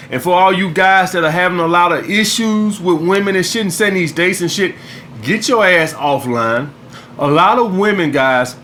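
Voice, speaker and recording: Blunt, profane man with a bright voice. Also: fairly high pitch, slight background noise. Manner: blunt and profane, keeps addressing "guys". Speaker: dating advice channel host. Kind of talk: casual vlog monologue.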